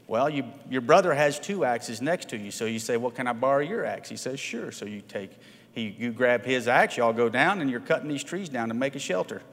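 In a church sanctuary with a large-hall sound, a man delivers a midweek sermon in a conversational style. His mid-range voice is animated and fairly quick, and he keeps asking the congregation questions, tagging lines with "right?" and calling for a show of hands.

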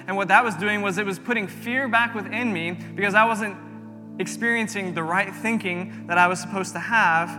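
A young man preaching a sermon in a hall, talking earnestly and telling a personal story with repeated phrases. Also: high voice. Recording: long reverb of a large room.

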